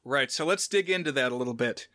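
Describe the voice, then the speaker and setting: Bright, crisp-voiced man explaining details. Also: medium pitch, fast talker, no room sound, studio quality. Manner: explanatory, walks through details methodically. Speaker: podcast co-host. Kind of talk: casual review chat.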